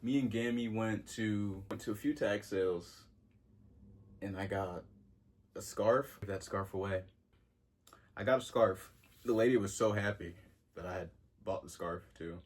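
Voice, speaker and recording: A man in his twenties talking casually in a vlog, slangy and excitable, with sudden jumps in pitch. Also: a little slow, long pauses. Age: 20s. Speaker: vintage clothing vlogger.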